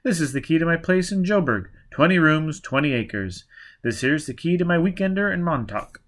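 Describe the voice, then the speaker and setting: A man's voice: a little high, lively intonation, moderate pace, a bit bright, pitched above the performer's own voice. A man voicing a blustering retired crook. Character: nervous retired middle-aged male crook, blustering.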